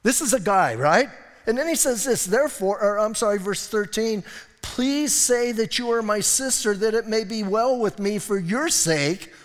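A man preaching a sermon as pastor, lively and acting out voices from the story. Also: high voice, moderate pace, in a large hall. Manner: animated, acts out voices of people in the story. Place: church hall.

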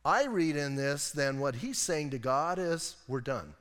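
A male pastor preaches in a relaxed, animated style and turns to his listeners with quick asides. His voice sits a little higher than most men's, and a long reverb from the church hall trails each phrase. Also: smooth. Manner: animated, conversational, asides to the audience. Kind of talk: expository sermon. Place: church sanctuary.

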